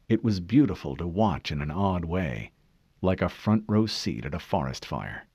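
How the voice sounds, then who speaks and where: Low, expressive male audiobook narrator. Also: dry recording, lo-fi sound. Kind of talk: scripted narration.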